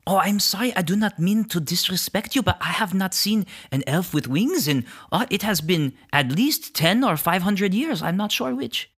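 Man doing an ancient tree spirit: high, bright, airy, gushing with curiosity. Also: expressive, normal speed, few pauses, breathy edge, heavily acted. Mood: apologetic.

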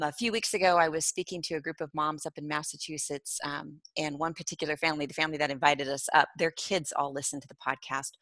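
A middle-aged woman hosts a podcast in a relaxed, chatty way, sprinkling in ums and easy laughs. Her voice sits a little low but sounds bright. The recording is dry and close. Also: dry recording. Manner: warm, chatty, laughs often, many ums. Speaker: podcast host. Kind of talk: casual interview chat.

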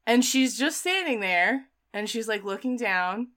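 Bright-voiced woman recapping a movie. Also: fairly high pitch, measured pace. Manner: animated storyteller, acts out the quotes, laughs often. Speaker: podcast co-host. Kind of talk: casual movie recap chat.

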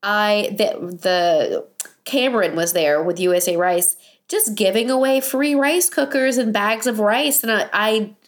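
A woman co-hosting a casual podcast chat, enthusiastic and chatty, her voice raspy and hoarse from a cold. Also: medium pitch, unhurried. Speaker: podcast co-host.

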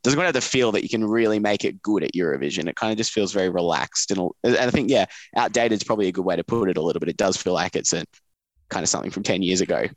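Fast-talking low-voiced man. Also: dry recording. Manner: hedging, easygoing. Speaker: panel guest. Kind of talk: casual panel chat.

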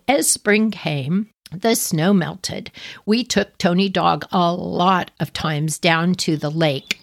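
A middle-aged woman from California, hosting a podcast and telling a personal story, animated, acting out voices with big jumps in pitch. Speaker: podcast host.

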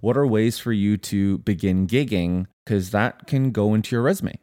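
A man's voice: lowish voice, normal speed, dark tone, no echo, studio quality. A man in his thirties co-hosting a podcast, giving explanatory advice in casual chat and often restarting his sentences. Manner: explanatory, repeats words when starting sentences. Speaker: podcast co-host.

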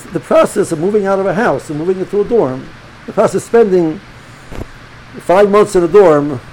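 Over slight background noise on a rough recording, a middle-aged rabbi with a voice on the high side teaches students in an informal religious lecture. He speaks animatedly, with many restarts and repeated words, and uses Hebrew and Yiddish terms.

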